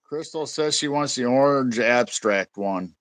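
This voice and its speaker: A man's voice: medium pitch, measured pace, noisy background. A man co-hosting a casual livestream, laid-back and dry, reading out viewer comments. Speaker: co-host reading chat.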